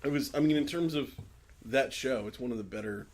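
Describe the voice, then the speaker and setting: A man's voice: mid-range voice, a little fast, darkish tone. A man co-hosting a podcast in casual chat, rambling, swearing and laughing often. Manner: rambling, swearing, laughs often, retells scenes in put-on voices. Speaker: podcast co-host.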